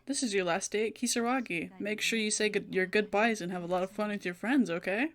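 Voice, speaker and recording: A woman's voice: mid-range voice, brisk, lightly acted. A woman voicing a worried middle-aged mother who frets and grumbles, reading game dialogue aloud on a stream. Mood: fretful. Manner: scolding and anxious.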